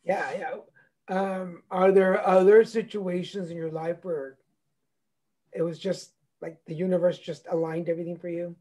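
A man's voice: sits high, flat delivery, normal speed, mellow, rough recording. A man hosting a podcast in a casual interview, reflective and encouraging as he searches for his words. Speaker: podcast host.

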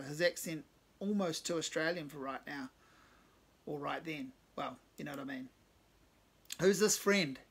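A man's voice: fairly high pitch, sharp tone. A man reading his own first-person short story, with wry, self-deprecating asides.

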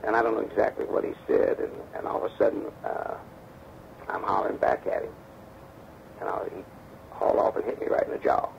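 A man telling a story from his past in an interview. He acts out the dialogue lively as he talks, on a damaged tape recording. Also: lowish voice, brisk, creaky, long pauses. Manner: animated storyteller acting out quoted dialogue. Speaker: interview guest, former bodyguard. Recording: dull damaged tape with faint hiss.

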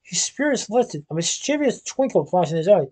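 A man reading a storybook aloud, with steady narration and the odd stumble. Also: high-pitched, normal speed. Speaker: reader.

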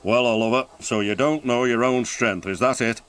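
A man's voice: medium pitch, moderate pace, natural voice. A man voicing a stern, portly male railway boss in a storybook.

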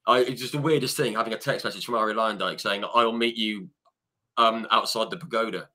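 A man's voice: on the low side, fairly even intonation, a little fast, sharp tone. A man hosting a motorsport podcast, telling enthusiastic stories of meeting his heroes. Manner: enthusiastic, storytelling fan. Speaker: podcast host. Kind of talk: conversational interview.

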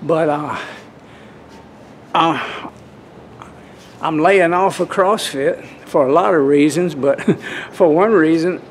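A man's voice: on the high side, slow, pauses often, slight background noise. A man, chatting casually to camera in a folksy, rambling way at a swimming pool. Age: 60s. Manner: rambling, folksy, restarts often. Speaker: vlogger.

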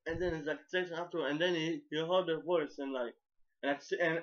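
Halting man recapping an anime episode. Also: fairly high pitch, steady tone. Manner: halting, with many repeats and stumbles; casual and profane. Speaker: anime reviewer. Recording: dull lo-fi recording.

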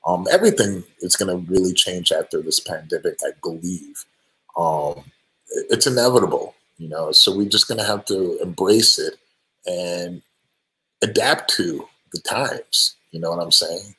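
A band singer answering fan questions on a live stream, friendly and relaxed, with many ums and restarts. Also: male voice, low-pitched, normal speed, poor audio. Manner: friendly, thanks each fan by name.

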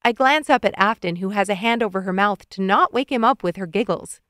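A woman narrating a children's audiobook in an expressive first-person storytelling manner, close to the mic. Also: mid-range voice, brisk, no echo.

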